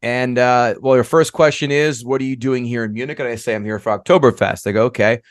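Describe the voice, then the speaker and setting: A podcast co-host on a comedy sports betting show reads off a long list of bets, joking and getting a bit tongue-tied in casual chat. His mid-range voice is fast and fairly even, recorded in clean studio quality with no room sound.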